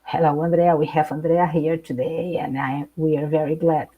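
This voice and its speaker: A middle-aged Brazilian woman speaking English with a Brazilian Portuguese accent, an animated guest in a live video chat who laughs often and searches for words. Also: deep voice, normal speed, breathy edge, phone-quality sound. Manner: animated, laughs often, hesitant non-native phrasing. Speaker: guest speaker, intercultural trainer.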